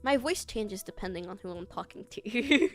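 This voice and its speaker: A woman's voice: animated, normal speed. Bubbly young woman chatting over music. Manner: bubbly, laughs often, shifts pitch for emphasis. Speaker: streamer and art teacher. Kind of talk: casual chat.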